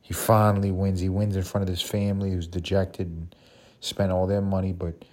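Deep-voiced man rambling on a podcast. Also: level tone, moderate pace, a little mellow. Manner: rambling, profane, jokey storytelling. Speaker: podcast host. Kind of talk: casual solo podcast monologue.

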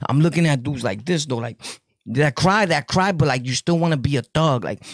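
A man with a New York accent tells prison stories straight to camera, casual and joking, laughing often and leaning on heavy street slang. His voice sits on the high side, expressive and brisk, and the recording is dry.

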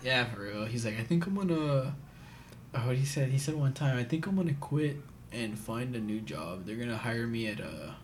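A man's voice: mid-range voice, brisk. Male podcast host, casual profane storyteller, slight background hiss. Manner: loose, profane storytelling with frequent laughs. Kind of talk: casual chat.

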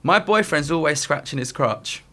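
A man's voice: fairly high pitch, expressive, normal speed, pushed and bright. A man in his twenties hosting a podcast in casual chat, reading out listener dilemmas and teasing with frequent laughs. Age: 20s. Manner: giggly, playful, teasing. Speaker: podcast host.

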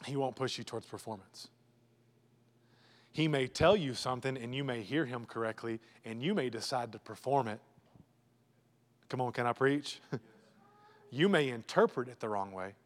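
A man preaching a sermon as pastor, emphatic and repetitive, swinging between loud urging and hushed, low lines. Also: big-room sound. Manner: emphatic, repetitive preaching with sudden drops to a hush.

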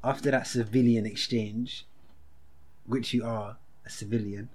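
A man's voice: medium pitch, fairly even intonation, darkish tone, husky. Teasing young man. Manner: teasing, quick, breaks into laughter. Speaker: podcast co-host. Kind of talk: casual chat.

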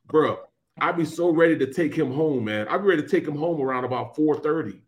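A man's voice: fairly high pitch, fast talker, darkish tone. A man co-hosting a casual sports talk show, easygoing and full of "man" and "bro". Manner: laid-back, peppers talk with "man" and "bro". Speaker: co-host. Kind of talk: casual sports radio chat.

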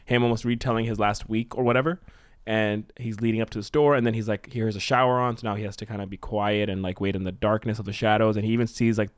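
A male podcast co-host pitches a story idea in loose, rambling sentences peppered with swearing and laughter. His voice sits a bit low. The sound is dry and close. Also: steady tone, fast, clear, resonant tone, no echo. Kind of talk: casual brainstorming chat.

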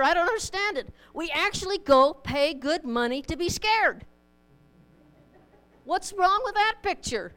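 A woman's voice: sits high, fairly bright tone, low-quality recording. A woman preaching a sermon to a congregation, conversational and plainspoken, mixing scripture with homely stories and light humor. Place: church in front of a congregation.

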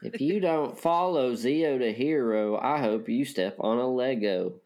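A man's voice: mid-range voice, measured pace, a little mellow. A man chatting casually as a podcast guest, joking and teasing. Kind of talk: casual chat.

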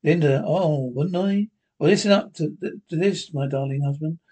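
A woman's voice: normal speed, warm tone, husky. A woman voicing a spiteful young wife who turns into a cat, yowling and meowing in a 1930s radio drama. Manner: shrill, screeching, yowling meows.

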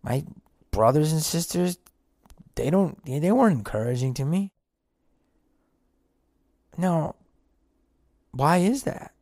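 A man's voice: fairly high pitch, animated, slow pace, gravelly, pauses often, darkish tone, no room sound, studio quality. A man who is an actor and podcast host, delivering a blunt, profane, rambling monologue in casual talk. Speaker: actor on tour.

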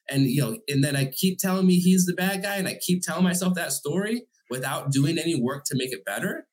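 A man's voice: fairly high pitch, expressive, fairly quick, hardly any pauses. A man who coaches single parents speaks earnestly and emphatically as a guest in a conversational interview.

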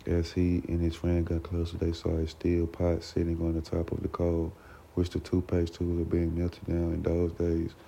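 Deep gravelly man reading aloud. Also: normal speed. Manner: steady reading with small slips and restarts. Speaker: self-development teacher. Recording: dull lo-fi recording with faint noise.

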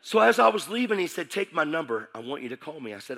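A man's voice: medium pitch, lively intonation, fast, sharp tone. A middle-aged man preaching his testimony as a sermon, telling his story intensely and acting out the dialogue.

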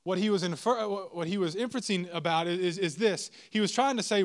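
Male pastor with a fairly high voice, preaching with emphasis and repetition. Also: fairly quick, few pauses. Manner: emphatic, repeats key phrases, asks the congregation questions. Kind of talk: sermon.

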